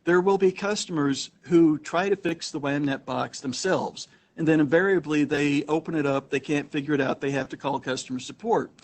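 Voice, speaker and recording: A man with a slightly raised pitch speaks to a small audience in a meeting room. He talks casually and anecdotally, doubling back and restarting sentences as he goes. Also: normal speed, few pauses. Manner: chatty, anecdotal, frequent restarts. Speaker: meetup host and presenter. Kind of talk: casual storytelling talk to a small group. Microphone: room recording mic.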